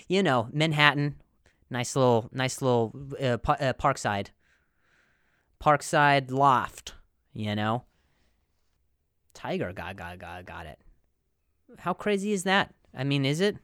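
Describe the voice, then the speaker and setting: A man's voice: medium pitch, animated, unhurried, a bit bright, clean tone, no echo, studio quality. Rambling, stammering comedic podcast man. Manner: rambling, stammering, jokey, laughs often. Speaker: podcast host. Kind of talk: casual comedic monologue.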